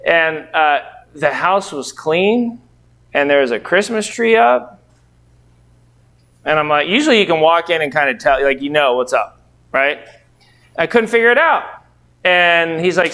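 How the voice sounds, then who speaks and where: A man's voice: fairly high pitch, lively intonation, measured pace, pauses often, fairly bright tone. A middle-aged man, a real estate investor and trainer, telling rambling anecdotes full of quoted dialogue to a training group. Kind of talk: casual storytelling to a training group.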